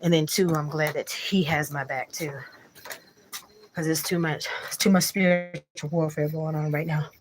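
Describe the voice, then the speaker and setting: A woman's voice: sits low, steady tone, moderate pace. A woman hosting a live stream, chatting casually and emotionally with her viewers and giving prayerful thanks. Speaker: livestream host.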